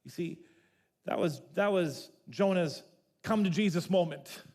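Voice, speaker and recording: A man pastor preaching a sermon, telling the story in an animated way and repeating words as he builds. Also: sits high, unhurried. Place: church sanctuary. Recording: long reverb of a church hall.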